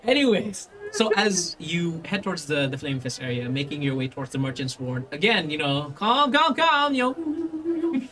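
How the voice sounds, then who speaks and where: A man's voice: fairly high pitch, fairly quick, hardly any pauses, a bit bright, poor audio. A man narrating a tabletop game as game master, playful and chatty, with many restarts.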